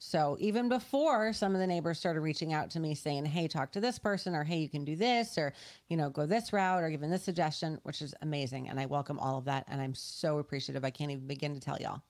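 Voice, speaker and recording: A woman with a fairly low voice for a woman. She co-hosts a casual podcast and explains things earnestly, circling back and restarting as she goes. Her tone stays conversational and sincere. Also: fast talker, darkish tone. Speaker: podcast co-host.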